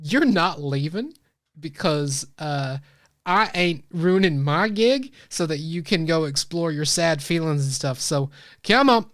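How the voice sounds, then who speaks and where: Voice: mid-range voice, expressive, measured pace, fairly bright tone, no room sound, clean studio sound. A game master voicing a young female truancy officer of about twenty, in a put-on Texan drawl, breezy and bossy, over faint music. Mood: pushy.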